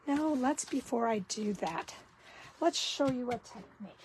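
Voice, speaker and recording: A woman giving a casual card-making tutorial, talking slowly and thinking aloud as she works. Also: a little high, noisy background.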